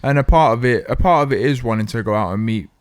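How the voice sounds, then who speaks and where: A man's voice: mid-range voice, animated, fast talker, no echo, clean studio sound. A man with an English accent, co-hosting a casual podcast chat and rambling with lots of restarts and swearing. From England. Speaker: podcast co-host.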